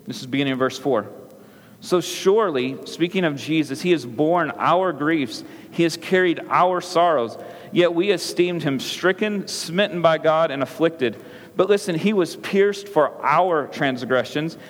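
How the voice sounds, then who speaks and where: A man in his thirties preaching a sermon in a church, talking conversationally and often checking in with "right?". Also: on the high side. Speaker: pastor. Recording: long hall reverb.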